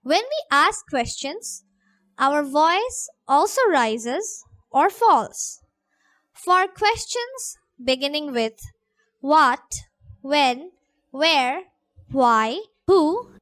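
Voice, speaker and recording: A woman reading a grammar lesson aloud in a very slow, deliberate way. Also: high voice, very animated, bright, forceful tone. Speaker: lesson narrator.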